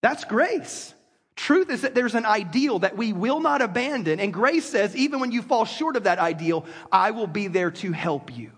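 A man preaching a sermon to a congregation in a lively, conversational way. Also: sits high, normal speed, breathy edge. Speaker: pastor. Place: church sanctuary with congregation. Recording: long reverb of a large hall.

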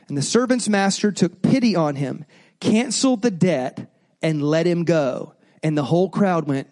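High-voiced male pastor preaching. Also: normal speed. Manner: animated storytelling with asides to the congregation. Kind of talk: sermon.

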